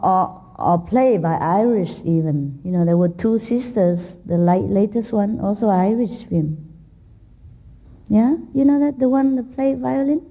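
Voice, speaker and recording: A woman spiritual teacher speaks slowly to a seated audience in a hall, joking and teasing as she goes. Her English is simple and non-native, and her voice is soft and mellow. The recording sounds a little dull. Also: on the high side. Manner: playful, teasing, laughs often. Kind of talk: informal dharma talk to an audience.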